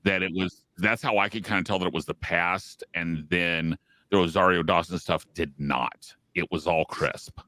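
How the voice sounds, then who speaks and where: A man co-hosting a podcast in casual chat, relaxed and matter-of-fact. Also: deep voice, normal speed. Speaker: podcast co-host.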